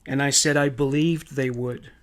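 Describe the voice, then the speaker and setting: A man's voice: medium pitch, steady tone, natural voice. A man reading as a hesitant grieving daughter. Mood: somber. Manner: halting, hesitant testimony read aloud. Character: grieving young adult daughter testifying.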